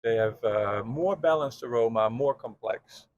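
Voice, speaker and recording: A man's voice: medium pitch, unhurried, a little mellow, lo-fi sound. A man, a brewer, explaining barrel aging at length in a casual tasting chat.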